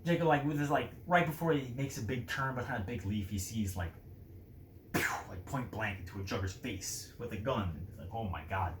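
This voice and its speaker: A man's voice: medium pitch, fairly quick. A man casually telling a story, rambling with many fillers. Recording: roomy echo, faint noise.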